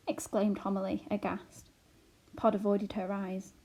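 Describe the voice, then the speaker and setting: A woman's voice: medium pitch, normal speed. Woman reading a storybook aloud. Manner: expressive, lively narration. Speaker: teacher reading to pupils.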